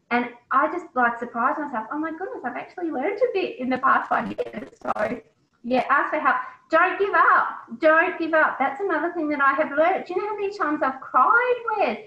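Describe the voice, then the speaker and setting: Animated woman, echoey and dull. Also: a little high. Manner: animated and emotional, frequent exclamations. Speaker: interview guest, business owner. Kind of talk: casual interview chat. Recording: echoey, slightly dull recording.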